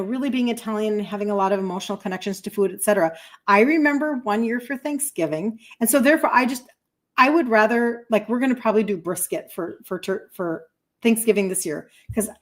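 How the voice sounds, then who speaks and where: A woman in her fifties, a health coach hosting a livestream, telling a chatty story in a casual way and breaking off to thank viewers. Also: medium pitch. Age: 50s.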